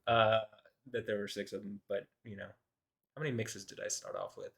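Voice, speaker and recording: A man's voice: on the low side, little pitch movement, brisk, vocal fry, a bit bright, husky. A man rambling in an indignant solo commentary, full of filler words and restarts. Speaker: video host.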